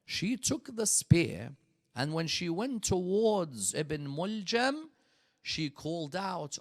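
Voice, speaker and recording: A man preaching a sermon, telling the story dramatically and swinging from hushed passages to loud, rising peaks. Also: high voice, very animated, slow. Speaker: preacher at a religious gathering.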